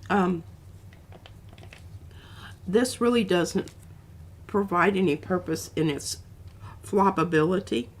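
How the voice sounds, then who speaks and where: A woman's voice: lowish voice, slow, long pauses, slight background noise. A woman hosting a casual craft demo, chatty and rambling, with an occasional cough. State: coughing now and then. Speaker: art stream host.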